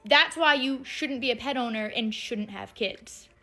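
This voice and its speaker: A woman's voice: on the high side, unhurried, sharp tone. A woman giving an indignant, scolding opinion rant to the camera.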